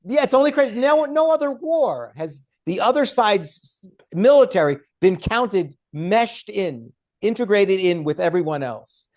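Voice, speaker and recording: A man's voice: high voice, very animated, measured pace, a little mellow. A man speaking as the guest author on a podcast interview, emphatic and argumentative. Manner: emphatic and argumentative, with mocking quoted voices. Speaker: guest author and law professor.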